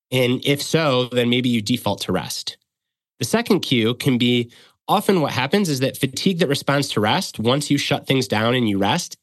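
A man of middle pitch talks as a guest expert and explains in a coaching tone, reaching for practical examples. He is close to the mic in a dry, dead room. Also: fairly bright tone, no room sound. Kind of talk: conversational explanation.

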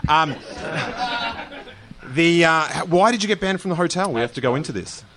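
A man's voice: a little high, lively intonation, normal speed, crowd noise. A man co-hosting a casual comedy chat, teasing and laughing as he cuts in.

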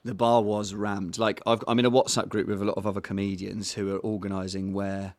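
A man's voice: on the low side, flat delivery, fairly quick, no room sound. An English man in his thirties chatting casually as a podcast co-host, rambling with fillers. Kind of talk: casual chat.

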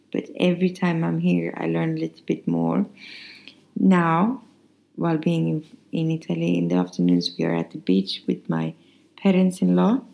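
A woman's voice: lowish voice, creaky, warm tone, rough recording. A Swedish-accented woman hosting a podcast, telling rambling anecdotes in a casual, chatty way with frequent restarts. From Sweden. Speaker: podcast host. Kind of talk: casual monologue.

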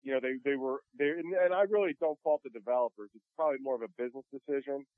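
A man's voice: mid-range voice, rapid-fire, dry recording. A man calling in as a game developer guest, talking in an earnest, businesslike way with many restarts. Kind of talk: casual phone interview. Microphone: phone. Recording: dry tinny phone line.

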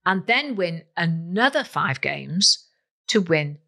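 A woman presenting a quiz show in a bright, rather low voice with a gravelly edge. She reads her script playfully, and her pitch swoops and climbs with emphasis. Soft music sits faintly underneath. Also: slow. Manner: playful, emphatic, lively delivery. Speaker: quiz host.

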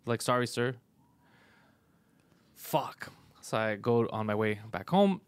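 A man's voice: mid-range voice, lively intonation, takes it slowly, smooth, no room sound. Profane, exasperated male podcast host. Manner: profane, exasperated storytelling with frequent laughs. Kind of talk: casual chat, storytelling.

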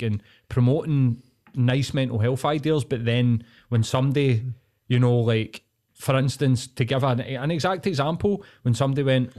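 A man's voice: mid-range voice, a little fast, dark tone. Glasgow guy on a podcast, blunt and sweary, just ranting away casually. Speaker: podcast host.

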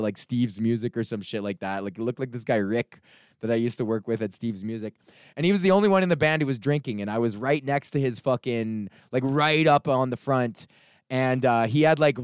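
A young man from Canada rants through a story, loose and profane, piling on fillers and asides. His voice is smooth and resonant at a middling pitch, recorded close and dry with no room sound. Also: darkish tone, no room sound. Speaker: podcast host. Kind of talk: casual ranting monologue.

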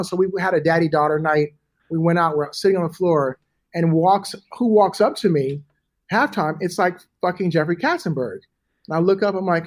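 A middle-aged man telling a story in a casual interview, animated and profane, acting out the people in it. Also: fairly high pitch, fast talker. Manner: animated, profane, acts out voices in anecdotes. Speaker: guest.

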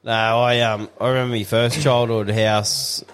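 A man's voice: medium pitch, flat delivery, measured pace, fairly bright tone, clean tone. A man co-hosting a podcast, chiming in with short, crude, laconic remarks. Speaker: podcast co-host. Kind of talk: casual podcast banter.

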